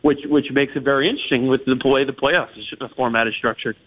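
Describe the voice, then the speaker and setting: A man's voice: medium pitch, fairly even intonation, fast talker, breathy edge. A man analysing hockey as a guest in a radio interview, talking in long runs full of restarts and fillers. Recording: tinny phone line on radio.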